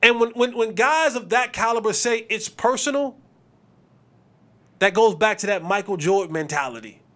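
A man hosting a sports podcast, giving opinionated commentary in an animated, preachy way and acting out quotes. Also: high-pitched, moderate pace.

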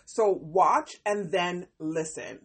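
A woman hosting a podcast that reviews a TV series, talking casually in an animated, expressive way, often exclaiming and laughing. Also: lowish voice, slow, slightly rough.

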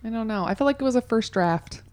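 A woman co-hosting a casual chat, telling stories in an animated way. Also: fairly high pitch, fast. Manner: chatty, animated storytelling. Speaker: podcast co-host.

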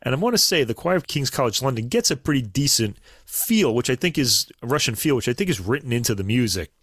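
A man co-hosting a casual podcast, chatting about classical recordings in a relaxed way with fillers and asides. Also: mid-range voice, fast, husky, dry recording, clean studio sound. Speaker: podcast co-host.

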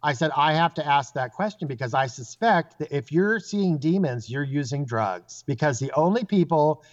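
A man's voice: a little high, moderate pace. A man, a psychic guest, telling stories casually and acting out the voices of the people in them. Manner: animated storyteller, acts out quoted voices. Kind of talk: casual storytelling. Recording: dull lo-fi sound.

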